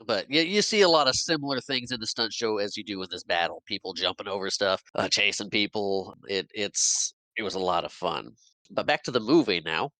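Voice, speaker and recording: A man's voice: fairly low pitch, animated, a little fast, pushed and bright, no room sound, rough recording. A man hosting a podcast, retelling a film's plot in casual chat and acting out its characters' lines with laughs. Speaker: podcast host. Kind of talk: casual movie recap chat.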